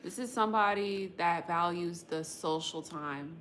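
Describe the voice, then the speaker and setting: With a lowish, slightly slow and somewhat bright voice, a woman from the West Coast of the United States hosts a tarot livestream, chatting loosely with viewers. Her talk is slangy and rambling, with casual swearing, over slight background noise.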